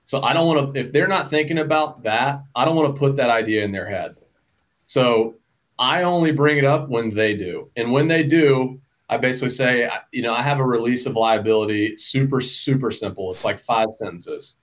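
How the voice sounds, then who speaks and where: A man from Georgia with a Southern accent, a guest on a hunting podcast telling stories in a relaxed way. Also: mid-range voice, moderate pace. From Georgia, USA. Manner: relaxed storyteller, frequent restarts. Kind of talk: casual podcast chat.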